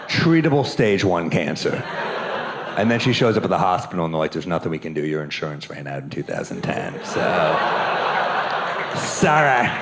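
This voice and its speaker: A man performing a stand-up comedy set in a club, with a wry, deadpan delivery and quoted asides. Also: low-pitched, noisy background. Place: comedy club stage with laughing audience. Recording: live club recording with audible crowd.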